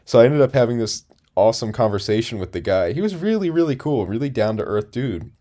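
A man's voice: mid-range voice, expressive, brisk, warm tone. A man in his twenties telling a long story in a casual chat, rambling with lots of fillers and restarts. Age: 20s. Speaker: podcast co-host.

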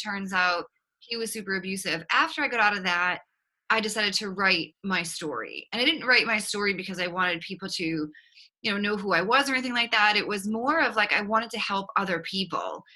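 Bright-voiced woman with a Boston accent. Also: medium pitch, rough recording. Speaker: guest, author and relationship coach. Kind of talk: conversational interview.

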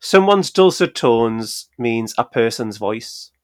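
A man's voice: medium pitch, expressive, slow pace. A man co-hosting a podcast in casual chat, dry and matter-of-fact. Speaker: podcast co-host.

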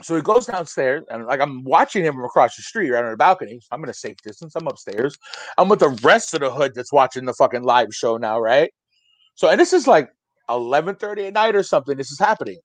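A man's voice: medium pitch, quick pace, no room sound. A man in his forties casually telling a profane story on a podcast, acting out the people in it. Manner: profane, animated, acts out quotes. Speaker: storyteller guest.

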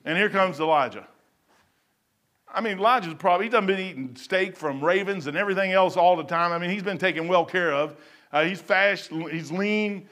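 A man preaching a casual sermon, rambling and folksy as he tells stories and reads scripture slowly. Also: sits high. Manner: reads scripture slowly, then trails off quietly.

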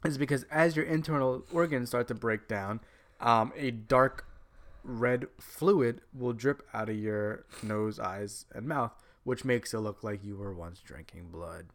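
A man's voice: medium pitch, measured pace, a bit bright. A man co-hosting a podcast, casually explaining stories in a blunt way and swearing freely. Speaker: podcast co-host. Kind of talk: casual chat.

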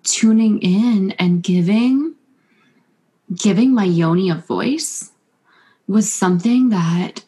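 Woman podcast host, slow speech, lowish breathy voice, affirming, reflective. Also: a little mellow. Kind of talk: casual conversational podcast.

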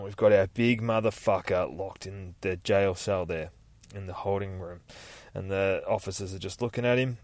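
Low-voiced guy rambling and swearing through a comic recap, dry close mic. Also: steady tone, moderate pace, dry recording. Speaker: podcast host. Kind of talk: casual comic book recap.

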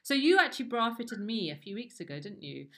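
A woman hosting a casual podcast interview, chatty, with frequent restarts and sudden high exclamations. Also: big pitch swings, fairly quick, a bit bright, a little hiss or hum. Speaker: podcast host.

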